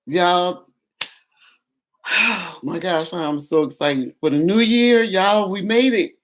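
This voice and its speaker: A woman vlogger telling a story in a casual, animated and exasperated way, talking straight to her viewers. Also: fairly low pitch, slow.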